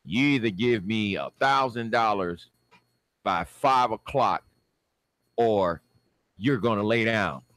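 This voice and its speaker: A stern, dismissive judge, as voiced by a man telling a story. He speaks flatly in a low, dry voice and hands down orders without concern. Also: takes it slowly, long pauses, no echo.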